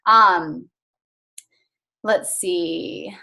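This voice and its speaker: A woman's voice: lowish voice, extremely slow, gravelly, sharp tone, slight background noise. A woman, likely in her thirties, coaching her team on a casual motivational call, chatty and earnest with frequent fillers.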